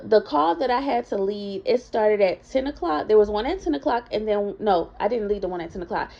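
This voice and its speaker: A woman's voice: mid-range voice, gravelly, mellow. A woman telling a story from her own life in a casual vlog, chatty and candid, talking straight to her viewers. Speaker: vlogger. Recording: dull lo-fi recording.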